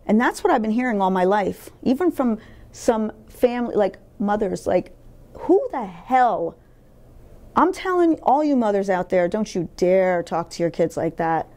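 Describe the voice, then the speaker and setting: A woman's voice: mid-range voice, dark tone. A middle-aged woman talking candidly in an interview, emphatic and blunt, swearing freely as she tells her life story. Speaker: interview guest.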